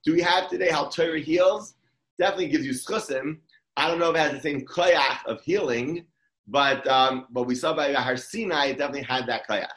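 A man's voice: a little high, fairly quick, a bit bright, roomy sound, rough recording. A man giving an informal Torah talk in a conversational way, often restarting his sentences. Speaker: Torah speaker.

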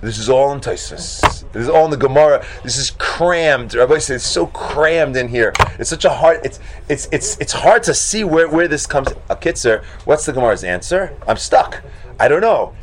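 A man leading a Talmud class, animated, acting out the voices in the debate and breaking into shouts. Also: mid-range voice, normal speed, noisy background. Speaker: Talmud teacher. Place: classroom with students.

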